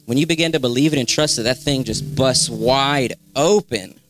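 A man's voice: mid-range voice, normal speed, music in the background. A young man giving a spontaneous, fervent exhortation in a church, repeating phrases for emphasis. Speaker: church member sharing a word. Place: church sanctuary.

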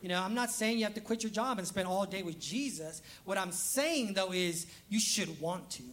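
A high-pitched man preaches in a chatty, animated way. He slips into playful quoted voices and jokes at his own expense. He is a pastor speaking to his church. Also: moderate pace. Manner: conversational, acts out quoted voices, laughs at himself. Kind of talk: lively sermon. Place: church sanctuary.

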